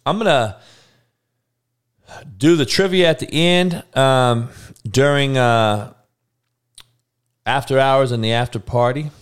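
A man's voice: fairly low pitch, smooth. A young man hosting a live sports podcast, talking bluntly and rambling, with lots of swearing. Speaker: podcast host.

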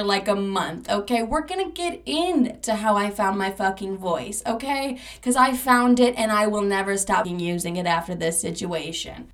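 A woman's voice: medium pitch, normal speed, hardly any pauses, a bit bright. A young woman hosts her own podcast and tells her story bluntly, cursing freely and leaning hard on her words. Her voice sits a little back from the mic. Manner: candid and profane, emphatic. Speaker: podcast host. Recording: voice a bit distant from the mic.

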